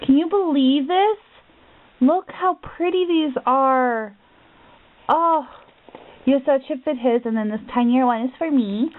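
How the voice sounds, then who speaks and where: A woman's voice: sits high, unhurried. Gushing woman on tinny lo-fi audio. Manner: gushing, gasping, repeated exclamations. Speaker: craft vlogger. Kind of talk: package opening vlog.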